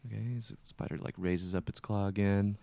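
A man on a gaming podcast, telling a game story in an animated way, with lots of swearing and acted-out reactions. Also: fairly low pitch, a little fast, vocal fry, no room sound. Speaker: podcast co-host. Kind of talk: casual gaming chat.

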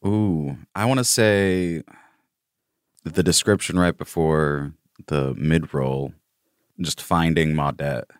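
A man playing in a tabletop podcast, giggly and animated as he talks. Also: extremely low pitch, slow pace, smooth, dry recording, clean studio sound. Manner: giggly, animated, lively delivery. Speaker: player. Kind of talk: casual tabletop podcast chat.

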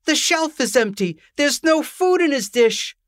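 A man's voice: extremely high pitch, lively intonation, measured pace, dry recording, clean studio sound, voice pushed up. A man reading aloud and voicing an alarmed woman in rhyming verse. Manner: urgent, sing-song rhyming.

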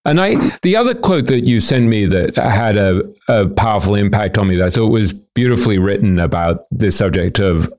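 A man's voice: on the low side, animated, moderate pace, few pauses, darkish tone. A man with a British accent hosting an interview podcast, thoughtful and reflective as he asks questions. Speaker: podcast host. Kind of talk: casual interview conversation.

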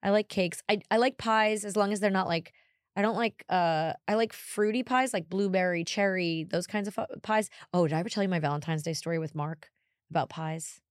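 A woman in her forties co-hosting a podcast, telling stories in a casual, animated way with bursts of exasperated emphasis. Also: mid-range voice, brisk, smooth, no room sound, clean studio sound. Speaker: podcast co-host. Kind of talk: casual chat, storytelling.

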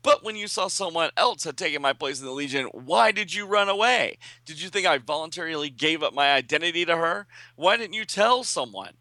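A man's voice: on the high side, animated, brisk, few pauses, bright, forceful tone, no room sound, voice pushed up. A man voicing an angry young superheroine who scolds and stammers at her ex while reading a comic aloud. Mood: furious. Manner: exasperated, stammering outbursts.

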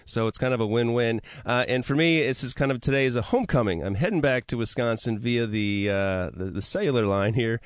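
A man's voice: mid-range voice, fairly quick, few pauses, no room sound. A man hosting a casual radio talk show from a studio, upbeat and chatty, laughing easily. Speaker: radio host.

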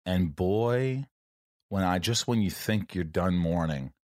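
A man's voice: low voice, slow pace, darkish tone, no echo, studio quality. A man hosting an interview, talking candidly and emotionally with casual swearing. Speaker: podcast host.

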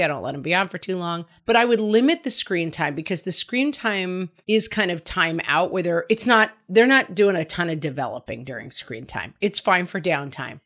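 A middle-aged woman with a fairly low voice talks through a listener's parenting question on her advice show. She sounds casual and reassuring, and she slips into quick asides that act out a worried parent. Her tone stays conversational throughout. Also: a bit bright. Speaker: advice podcast host.

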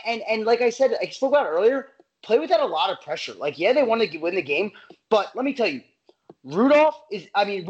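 A man co-hosting a sports betting show, talking in an emphatic, animated way and often repeating his phrases. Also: sits high, highs cut off. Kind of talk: casual sports betting talk.

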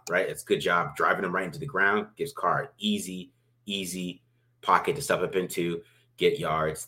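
A man's voice: sits low, bright, forceful tone. A man casually breaking down football game film, rambling with many restarts and "right?" tags. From family from Baltimore.

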